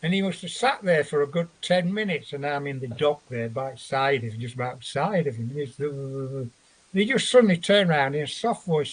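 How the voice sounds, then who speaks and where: A man with a slightly husky, fairly high voice tells a long story as a guest on a chat show. He rambles, swears and acts out the voices of people in his tale. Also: fairly quick. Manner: rambling, profane, acts out quotes.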